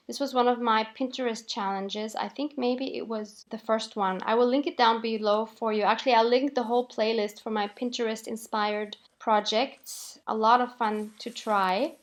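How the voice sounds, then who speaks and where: Higher-voiced woman narrating a craft video. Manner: relaxed step-by-step explaining with light laughs. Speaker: craft channel host.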